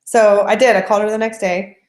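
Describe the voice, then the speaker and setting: A woman teaching in an echoey living room, her voice in a middle pitch. She tells stories animatedly and acts out both sides of her conversations. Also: quick pace. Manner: animated storyteller acting out dialogue. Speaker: network marketing trainer. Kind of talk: casual training talk.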